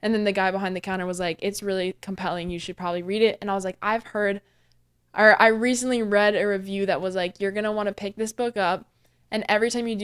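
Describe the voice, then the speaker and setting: Young woman, book vlogger, chatty, rambling, full of fillers and restarts, mid-pitched voice. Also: clear, resonant tone. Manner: chatty, rambling, with many fillers and self-corrections. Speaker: booktuber host. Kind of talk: casual book recap vlog.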